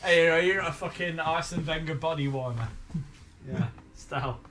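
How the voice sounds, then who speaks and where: A man's voice: a little high, normal speed, a little hiss or hum. A man chatting casually and swearing a lot while playing a game on a live stream. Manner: sweary, excitable, laughs often.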